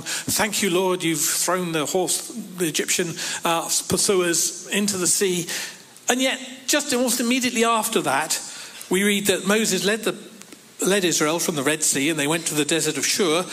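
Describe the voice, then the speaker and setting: A man's voice: on the high side, a bit bright. Man preaching with dry humour. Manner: dry humorous asides, reads scripture aloud. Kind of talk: sermon.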